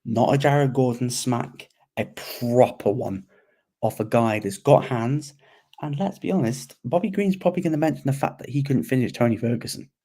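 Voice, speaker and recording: A man co-hosting a casual sports chat, talking in an animated, rambling way and often repeating himself. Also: medium pitch, moderate pace. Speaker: podcast co-host.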